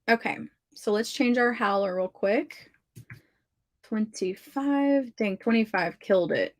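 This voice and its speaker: A woman's voice: on the high side, slow, no room sound, studio quality. A woman with a Southern accent hosting a livestream writing session, chatting casually and reading out viewer comments, gushing and saying "like" a lot. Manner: chatty, gushing, heavy use of "like". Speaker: livestream host of writing sprints. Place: her home office.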